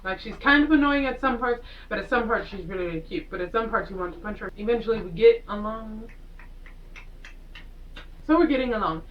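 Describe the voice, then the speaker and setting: A woman's voice: mid-range voice, expressive, recorded from a distance, dull audio. Woman, chatty movie recap, giggly, sarcastic, a bit off-mic, faint hiss. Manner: rambling, giggly, sarcastic, acts out characters in quick asides. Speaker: vlogger reviewing a film.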